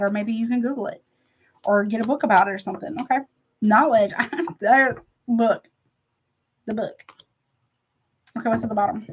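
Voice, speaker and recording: A woman's voice: fairly high pitch, dull audio. A woman reading tarot in a casual livestream, chatty and frank, calling her viewers honey and baby with rambling asides. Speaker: tarot reader.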